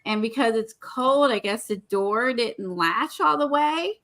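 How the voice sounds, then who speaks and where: Bright-voiced chatty woman. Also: on the high side, lively intonation, unhurried. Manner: chatty storytelling with many fillers. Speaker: art vlogger. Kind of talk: casual chat.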